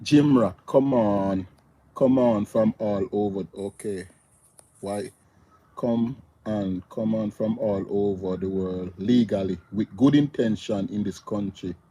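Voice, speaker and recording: Male live streamer, mellow husky timbre, animated chatty delivery addressing chat. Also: fairly low pitch, slow pace. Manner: animated, repetitive, talks to chat viewers. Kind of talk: casual live stream talk.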